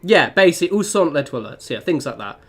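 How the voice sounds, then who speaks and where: A young gaming streamer chats casually while playing, rambling with lots of fillers and self-deprecating asides. His voice is fairly high, bright, and sing-song, fast with a breathy edge.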